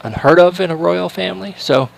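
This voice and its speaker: A man's voice: sits high, fairly quick, vocal fry, rough recording. A male sports livestream commentator making casual chat, telling a rambling story full of fillers and restarts.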